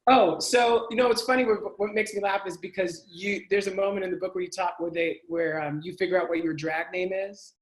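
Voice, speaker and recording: A man interviewing a guest over a video call, animated and quick to laugh. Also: high-pitched. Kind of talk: casual video-call conversation. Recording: echoey room on a video call.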